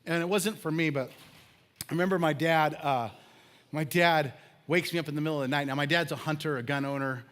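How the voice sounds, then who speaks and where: Man, pastor, sermon, high-pitched voice, animated storytelling, church. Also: a little fast. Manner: animated storytelling, acts out scenes with shouts and laughs. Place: church sanctuary.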